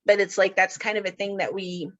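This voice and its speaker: A woman's voice: medium pitch, level tone, a little fast, muffled recording. A middle-aged woman hosting a podcast, chatting casually and laughing often. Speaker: podcast host. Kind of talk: casual chat.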